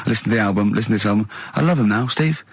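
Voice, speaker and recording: Radio host, husky male voice, rambling and stammering, dry studio sound. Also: fairly low pitch, rapid-fire, dry recording. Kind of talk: casual radio chat.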